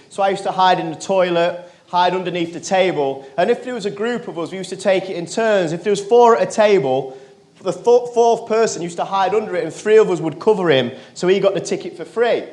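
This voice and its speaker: A man giving a motivational keynote, telling a personal story to a live audience and turning quiet in the emotional moments. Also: high-pitched. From England. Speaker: motivational speaker. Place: conference stage.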